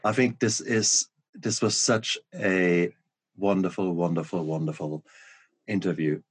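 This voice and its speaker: Low husky German-accented man. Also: fairly even intonation, unhurried. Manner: warm, encouraging, laughs often. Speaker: podcast host. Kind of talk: casual interview chat.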